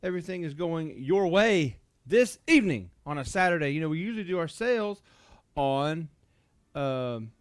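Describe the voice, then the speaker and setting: A man runs a live toy sale from his store in a casual, chatty livestream manner, greeting his viewers by name. His voice sits a little high for a man, and the sound is dry and close. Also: expressive, moderate pace, clear, resonant tone, no echo.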